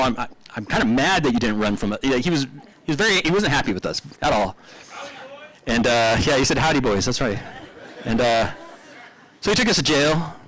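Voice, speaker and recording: A man's voice: medium pitch, a bit bright, rough recording. A man telling loose, laughing stories about an old friend at a memorial service, in a casual rambling way with many fillers. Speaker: eulogy speaker. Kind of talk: casual storytelling eulogy.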